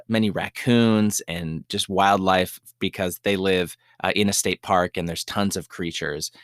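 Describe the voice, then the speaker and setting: A young man with a very deep voice tells a story from his own life in a relaxed, chatty way. He acts out his own lines with sudden jumps in pitch. The sound is dry and close, with no room echo. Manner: animated storyteller, acts out quoted lines in a higher voice. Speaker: podcast host. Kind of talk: casual storytelling.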